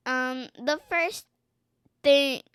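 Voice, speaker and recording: A woman's voice: high-pitched, extremely slow, a bit bright, dry recording, studio quality. A young girl as a podcast guest, chatting casually and playfully, giggling and trying silly accents. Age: child. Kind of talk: casual chat. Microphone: podcast mic.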